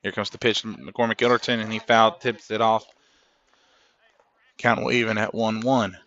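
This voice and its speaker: A man calling a high school baseball game play by play for a live stream, steady and lifting on the big plays. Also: moderate pace, lo-fi sound. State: coughing, throat irritated. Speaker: play-by-play announcer. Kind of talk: sports commentary.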